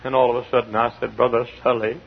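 Male pastor, middle-aged, husky, fiery sermon, quiet then shouting, lo-fi church tape. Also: medium pitch, flat delivery, fast. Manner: swings from quiet storytelling to loud shouting. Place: large church. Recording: dull lo-fi church recording.

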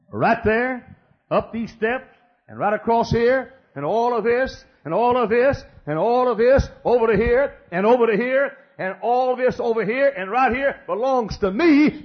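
An older pastor preaching with fierce emphasis, hammering his points with repetition and dropping from shouts to near-hush. His voice is fairly high and husky. The recording sounds dull and muffled. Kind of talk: fiery sermon.

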